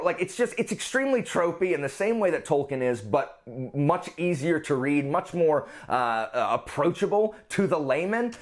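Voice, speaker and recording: A man hosting a book channel, chatting casually with a rambling, playful manner. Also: mid-range voice. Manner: lively, rambling, playful asides. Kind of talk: casual chat.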